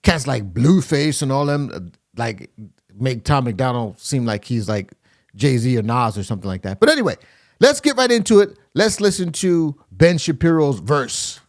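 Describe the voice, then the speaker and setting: A man's voice: medium pitch, big pitch swings, moderate pace. A man hosting a music reaction video, chatting casually as he breaks down rap lyrics and scats rhythms to explain them. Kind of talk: casual rap critique commentary.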